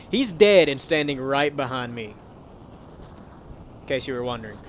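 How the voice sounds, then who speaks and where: A man's voice: medium pitch, normal speed, a bit bright, slight background noise. A young man hosting a let's play, giving casual gameplay commentary full of sarcastic, joking asides.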